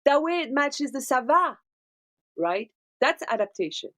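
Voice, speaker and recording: A woman, a dubbing producer, gives animated interview answers and keeps checking in with tag questions. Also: high-pitched, measured pace. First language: French. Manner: animated explainer, tag questions like right and okay.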